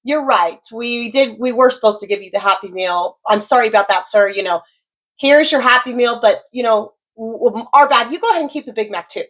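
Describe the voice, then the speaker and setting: A woman voicing an apologetic fast-food counter worker who rambles hurriedly. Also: fairly high pitch, a bit bright.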